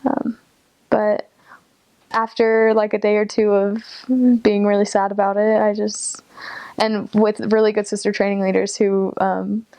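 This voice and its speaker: A young woman recounts her missionary experiences in a relaxed, chatty way. Her voice sits at a middle pitch, and she scatters fillers and small laughs through her telling. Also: measured pace, clear, resonant tone. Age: young adult. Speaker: returned missionary. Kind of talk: personal story in an interview.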